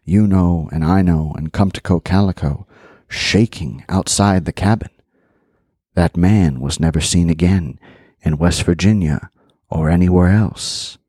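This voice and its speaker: A man with a fairly low voice reading a spooky folk tale aloud, lively in his delivery and breaking off for casual asides. The recording is close and dry. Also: measured pace, slightly rough, no echo. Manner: animated storytelling with chatty asides. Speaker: podcast host and storyteller.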